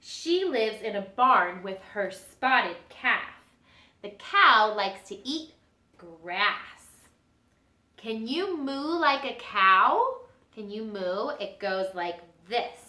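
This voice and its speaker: A young woman teacher singing songs and reading a storybook to small children, gently and with lively animal noises. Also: medium pitch, slow, echoey room. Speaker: preschool teacher.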